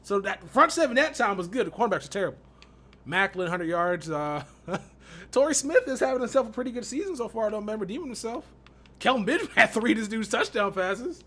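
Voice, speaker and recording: Animated, bright-voiced young man griping over gameplay. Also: high voice, a little fast. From Texas. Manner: exasperated, slangy, laughs often. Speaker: gaming YouTuber. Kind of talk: casual gameplay commentary.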